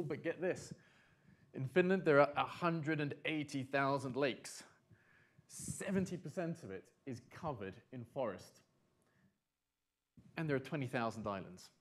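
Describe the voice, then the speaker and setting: A middle-aged man from Britain and France speaks at a conference in a relaxed, conversational way. He addresses the audience directly with questions and drops in dry, wry asides. His voice sits at an ordinary middle pitch. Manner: chatty, asks the audience questions, dry humor. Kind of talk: conference talk to a live audience. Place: conference hall.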